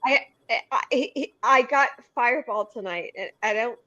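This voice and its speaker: A woman's voice: on the high side, unhurried, pushed and bright, no echo, muffled recording. A woman with the hiccups talking on a casual panel show, laughing often and restarting her sentences.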